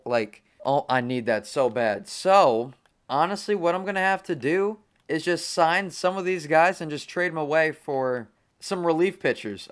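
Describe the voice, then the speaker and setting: Young male gaming host, slightly high voice, excitable and easily frustrated, casual play-by-play chatter. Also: smooth. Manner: excitable, frustrated, talks to himself. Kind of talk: casual gameplay commentary.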